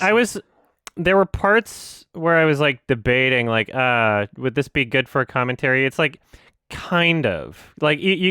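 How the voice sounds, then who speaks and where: Bright clear-voiced rambling man. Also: medium pitch, no echo, clean studio sound. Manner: rambling, halting, many fillers. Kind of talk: casual group chat.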